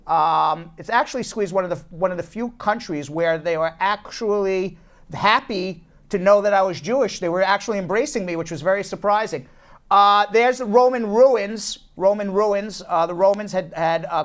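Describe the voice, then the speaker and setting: A man's voice: fairly high pitch, fairly bright tone. A man hosting a casual talk show from a law office, telling stories animatedly and often repeating words as he restarts. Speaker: host, immigration attorney.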